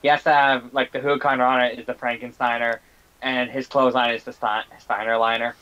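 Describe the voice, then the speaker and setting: A man gives casual color commentary on a wrestling video game in a mid-pitched, bright voice. He is irreverent and crude, swearing and laughing as he goes. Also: flat delivery, fairly quick, dull audio.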